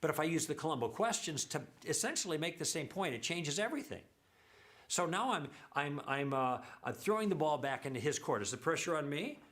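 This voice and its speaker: A man's voice: on the high side, sing-song, a little fast, fairly bright tone. A middle-aged man teaching a church lesson, telling stories and acting out the dialogue as he goes. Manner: anecdotal, acts out quoted dialogue.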